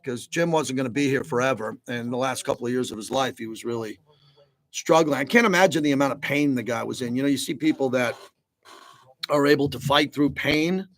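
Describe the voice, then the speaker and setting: A man's voice: mid-range voice, a little fast, fairly bright tone. A man hosting a sports talk radio show, speaking in a conversational, reflective way as he sets up the next segment.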